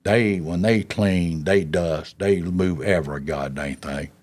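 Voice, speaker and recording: A man's voice: deep voice, slow, a little mellow. A man telling a long story in an interview, folksy and drawling, chuckling as he goes. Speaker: interview guest recounting his past.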